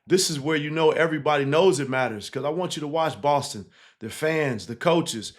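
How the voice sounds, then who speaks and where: A man, a basketball coach, casually breaking down game film, animated and laughing easily, tagging points with 'right?'. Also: a little high, fairly quick. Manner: animated, keeps checking in with 'right?' and 'again'; laughs easily while explaining.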